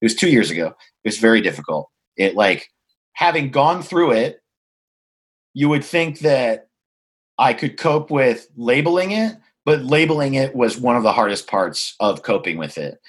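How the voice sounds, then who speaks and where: A man telling a personal story in a frank, reflective way, swearing freely and pausing to find his words. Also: medium pitch, very animated. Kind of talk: candid conversational storytelling.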